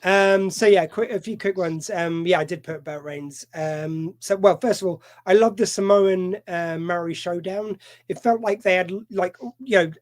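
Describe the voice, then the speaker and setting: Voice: medium pitch, moderate pace, few pauses. A co-host in casual chat who talks hesitantly, with many fillers and apologies.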